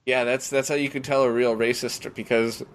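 Brief: young male guest, swears freely, animated storyteller, medium pitch. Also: fairly quick. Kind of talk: casual chat.

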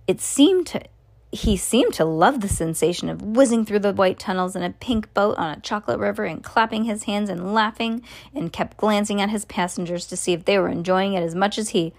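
Brief: woman reading aloud to kids, relaxed, tripping and correcting herself. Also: mid-range voice, fairly quick, vocal fry. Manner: casual, with slips and asides. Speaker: reader. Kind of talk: reading a children's book aloud.

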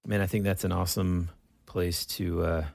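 A man hosting a podcast, telling stories in a loose, lively conversational way. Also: low voice, moderate pace, creaky, dry recording, studio quality. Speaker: podcast host. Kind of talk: casual chat.

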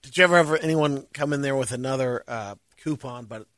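A man co-hosting a radio show, chiming in with teasing quick interjections. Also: medium pitch, a bit bright, dry recording, clean studio sound. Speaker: radio co-host. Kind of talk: morning radio banter.

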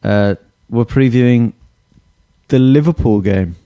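A man hosting a casual football podcast talks slowly and haltingly, stopping to hunt for his words. He mocks himself as he rambles, in an easygoing chat. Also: mid-range voice, mellow, dry recording. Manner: hesitant, lots of fillers and restarts, self-mocking. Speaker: podcast host.

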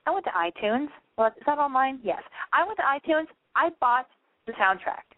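A woman's voice: sits high, expressive, moderate pace, no echo. A young woman hosting a call-in show, chatting casually and rambling, swearing often and filling with "like". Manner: chatty, swears a lot, many likes. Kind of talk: casual chat, profane and rambling. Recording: dry tinny phone-like sound.

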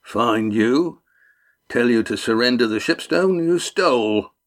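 Man doing a shifty sailor, sly, rough-spoken, drawling, audiobook. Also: mid-range voice, lively intonation, a little slow.

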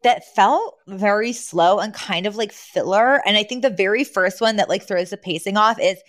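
Woman host, casual recap chat, lively and laughing, dry close sound. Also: mid-range voice, normal speed, no room sound. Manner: animated, laughs often, acts out quotes. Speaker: podcast host.

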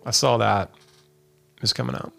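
A man's voice: medium pitch, fairly even intonation, normal speed, vocal fry, pushed and bright, faint music behind. A man hosting his podcast stream in a laid-back, rambling chat, dropping fillers and calling listeners "dude". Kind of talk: casual live-stream chat.

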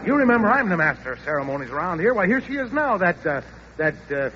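A man's voice: high voice, sing-song, quick pace, pushed and bright. A man as master of ceremonies of a 1930s radio comedy show, a genial, bumbling straight man. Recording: muffled old radio broadcast with hiss.

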